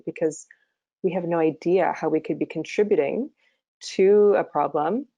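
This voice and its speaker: A woman's voice: deep voice, vocal fry, dark tone, no room sound. A woman hosting a webinar over a video call, a practitioner who speaks earnestly and often restarts her sentences. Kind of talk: webinar conversation.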